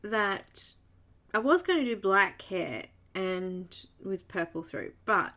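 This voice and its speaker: A woman hosting a live coloring stream, slightly croaky, chatty and greeting viewers by name with frequent laughs. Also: medium pitch, lively intonation, takes it slowly, sharp tone. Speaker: art channel host.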